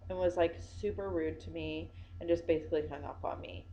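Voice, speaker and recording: A woman's voice: low-pitched, steady tone, a little fast, hardly any pauses, mellow, dull audio, slight background noise. A tired young woman vlogging casually, rambling with many fillers and restarts. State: yawning, tired. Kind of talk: casual personal vlog.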